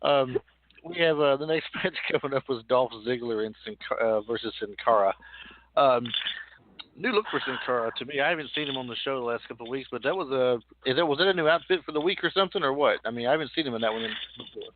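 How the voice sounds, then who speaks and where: A man's voice: mid-range voice, fast. A man hosting a casual recap chat, rambling and repeating himself as he talks things through. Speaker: podcast host. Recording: tinny phone-like audio with faint hiss.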